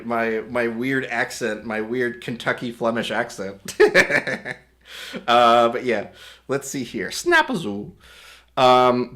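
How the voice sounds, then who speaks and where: In a casual screen-recorded tutorial, a man with a mid-range, slightly bright voice demonstrates an AI video tool. He explains step by step, rambling and correcting himself, and chuckles at his own remarks.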